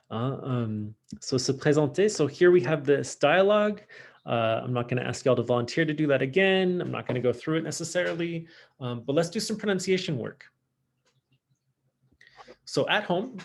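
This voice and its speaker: A man with a Californian accent and a mid-range voice teaches a French class online, saying French words slowly and clearly as models.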